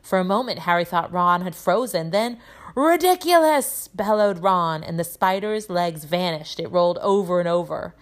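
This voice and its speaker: A woman's voice: on the low side, moderate pace, hardly any pauses. Woman teacher reading a story aloud. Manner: lively storytelling with character voices. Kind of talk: reading a children's novel aloud.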